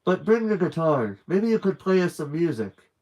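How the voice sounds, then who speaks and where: A man's voice: on the high side, big pitch swings, moderate pace, darkish tone, voice pushed up, rough recording. Eager young girl as a man reads her, raised voice, pleading, storybook. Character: ten-year-old girl, eager and earnest.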